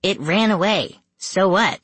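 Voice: mid-range voice, a little slow, fairly bright tone, slightly rough, no room sound, voice pushed up. A reader voicing a pushy, teasing girl, the older sister, in a bossy and impatient way. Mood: dismissive. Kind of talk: audiobook character voice.

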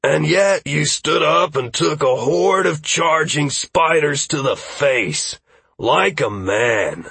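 A man reading an audiobook voices a proud male tank warrior who teases boisterously, in a husky voice. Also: mid-range voice, measured pace, hardly any pauses, a bit bright, no echo, voice pushed up, full character voice.

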